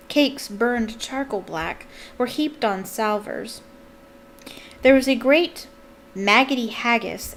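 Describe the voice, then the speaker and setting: A woman giving an expressive, dramatic reading of a novel, shifting emphasis with the story. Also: mid-range voice, a little hiss or hum, rough recording. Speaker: reader.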